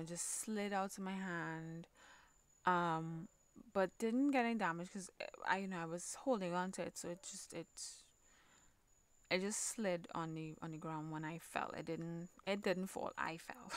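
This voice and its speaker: A woman with a Trinidadian accent hosting a podcast, telling a personal story in a halting way, repeating words, swearing and sometimes dropping almost to a whisper. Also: lowish voice, sharp tone, dry recording. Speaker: podcast host.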